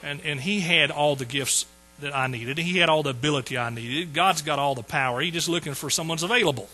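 A man's voice: on the high side, a little fast, pushed and bright, breathy edge, low-quality recording. A man in his sixties telling his conversion story in a folksy sermon, repeating phrases for emphasis. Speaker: preacher. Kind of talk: sermon testimony.

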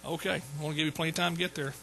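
A man's voice: on the high side, fairly even intonation, racing, gravelly, bright, forceful tone, a little hiss or hum, poor audio. A man preaching a sermon in a folksy, joking way. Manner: folksy, joking asides to the congregation. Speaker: pastor.

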